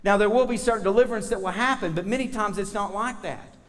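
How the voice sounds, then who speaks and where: A man's voice: sits high, fast, long reverb tail. A man preaching a sermon as pastor, talking casually with the congregation and asking them for amens.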